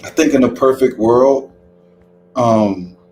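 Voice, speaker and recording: Slow deep-ish guy on a podcast, lots of ums, bit of hiss. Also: a little mellow, low-quality recording. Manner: measured, with many fillers. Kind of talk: casual podcast discussion.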